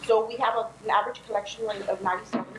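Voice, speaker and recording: A woman's voice: fairly high pitch, fairly even intonation, rapid-fire, a bit bright. A woman presents city finances at a public meeting. Her delivery is friendly and a little joking. She speaks into a podium mic, and the council chamber sounds echoey, with a faint hiss underneath. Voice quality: raspy. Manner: friendly, joking, walks through figures.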